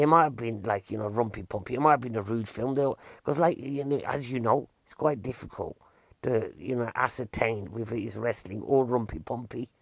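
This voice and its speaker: A man rambles through comic anecdotes, dropping wry deadpan asides and rhetorical questions. His voice is gravelly and sits mid-range. The recording is dull, lo-fi and dry. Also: mid-range voice, no room sound. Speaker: comedian. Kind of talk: rambling comic storytelling monologue.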